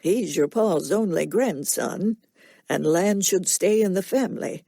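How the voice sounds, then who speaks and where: A quietly stern Southern farmer, as a woman narrator puts him on, talks in a slow, nasal drawl with a low, mellow tone. His words are plainspoken and unhurried. The reading is close and dry. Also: creaky, no room sound. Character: slow, soft-spoken middle-aged Southern farmer man. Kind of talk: audiobook character reading.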